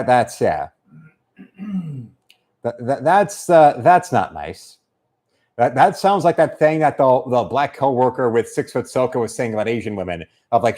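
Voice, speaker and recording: A man's voice: medium pitch, darkish tone. A man rambling hesitantly and crudely while drawing on a livestream. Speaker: artist streaming while drawing.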